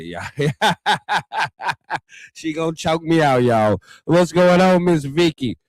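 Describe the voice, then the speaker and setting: A man's voice: mid-range voice, a little mellow, no echo. A man hosting a casual livestream talk show in a chatty, folksy way, constantly addressing the viewers.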